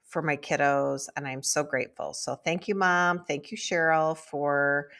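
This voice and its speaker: Low-voiced chatty woman co-host. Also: steady tone, measured pace, fairly bright tone. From Midwest. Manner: chatty storyteller. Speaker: podcast co-host. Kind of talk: casual chat.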